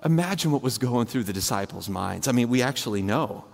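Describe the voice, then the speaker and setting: A male pastor preaching a conversational sermon full of fillers, dropping to a hushed low voice and rising high again as he retells a scene. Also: expressive, brisk, vocal fry, in a large hall. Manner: conversational, imaginative storytelling with many fillers; swings between hushed low and raised high delivery.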